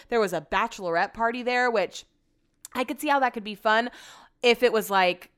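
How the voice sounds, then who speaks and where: Woman podcast host, smooth voice, sarcastic chatty storyteller who swears a lot. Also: a little high, brisk, fairly bright tone.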